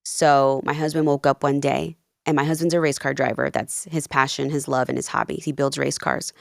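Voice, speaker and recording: A gravelly, low-pitched woman speaking at normal speed tells her story candidly in a podcast interview. The life coach, from New Jersey and of Peruvian heritage, is earnest and animated, quoting dialogue, in a studio-quality recording with no room sound.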